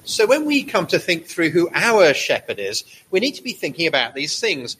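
A man preaching a sermon, measured and slowing down to stress key words. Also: on the high side, very animated, fairly bright tone, slightly rough, low-quality recording.

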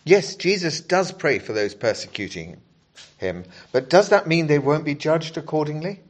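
A man preaching a sermon, explaining scripture in a measured, earnest way and reading passages aloud to the congregation. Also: on the high side, lively intonation.

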